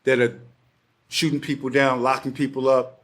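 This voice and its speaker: A man quoting a calm, patient older male mentor, firm and persuasive in his questioning. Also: medium pitch, normal speed, natural voice. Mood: measured.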